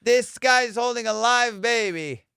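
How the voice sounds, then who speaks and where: A man hosting a casual comedy podcast, telling stories in an animated, profane way and laughing often. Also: very high voice, unhurried, creaky, clean tone, no room sound, studio quality.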